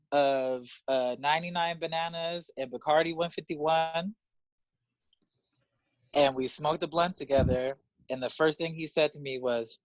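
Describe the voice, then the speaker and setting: Guy from LA telling wild stories, swears a lot, laughs, gets loud and high when excited, dry close sound. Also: no room sound. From Los Angeles, USA. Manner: animated, profane, laughs often, jumps up in pitch when excited. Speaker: interview guest. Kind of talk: candid storytelling in conversation.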